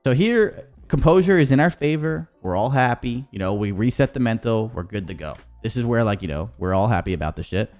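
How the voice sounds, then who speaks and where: A man's voice: medium pitch, animated, a little fast, few pauses, a little mellow, soft background music. A man, an esports coach, casually reviewing gameplay footage in a rambling, profane way with many restarts.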